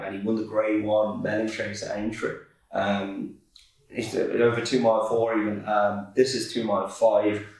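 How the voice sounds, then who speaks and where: Casual male racing tipster, low voice, laid-back, many ums, recorded far off in an echoey office. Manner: laid-back, filler-heavy, self-correcting. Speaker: podcast co-host, racing tipster. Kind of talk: casual chat. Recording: echoey room, far from mic.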